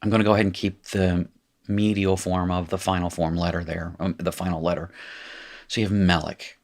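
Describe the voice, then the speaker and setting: A man's voice: low voice, flat delivery, brisk, gravelly, a little mellow. A man teaching a live recorded language lesson, chatty and jokey, correcting himself as he goes.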